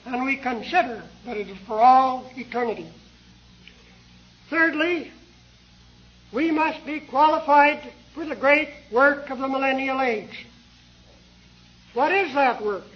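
Older male preacher, very high voice, earnest and unhurried sermon delivery. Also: muffled recording. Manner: slow, measured, earnest delivery with rhetorical questions.

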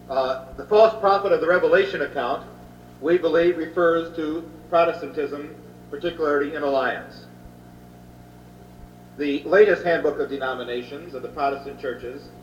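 A man's voice: fairly high pitch, fairly bright tone. Man lecturing on scripture in a roomy hall. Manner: plain storytelling, retelling scripture in everyday speech with frequent uh. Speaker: Bible teacher. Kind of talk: Bible lecture. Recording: roomy, distant, dull old hall recording with faint hum.

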